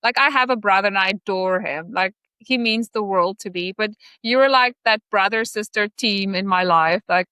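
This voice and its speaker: A woman on a podcast, gushing and grateful as she talks, full of fillers. Her voice is bright and crisp, and the recording is close and dry. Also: medium pitch, normal speed, few pauses, dry recording. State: emotional. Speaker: podcast guest. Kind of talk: casual interview conversation.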